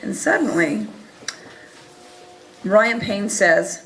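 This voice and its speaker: Bright-voiced woman telling a story. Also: mid-range voice, a little slow, pauses often, slight background noise, poor audio. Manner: earnest, animated retelling with quoted dialogue. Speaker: speaker recounting events to an audience. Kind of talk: first-person storytelling talk.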